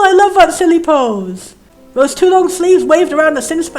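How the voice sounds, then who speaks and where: Fast-talking high-voiced woman playing a game. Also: animated, darkish tone. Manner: rambling, puzzled questioning asides. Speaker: let's play host. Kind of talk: casual game commentary, reading on-screen text aloud. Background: faint game music.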